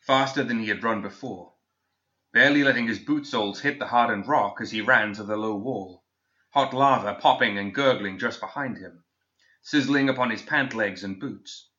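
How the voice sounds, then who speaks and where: A man narrates a fantasy story in a measured, steady reading voice. His tone is low yet bright and forward. The recording sounds dull and lo-fi.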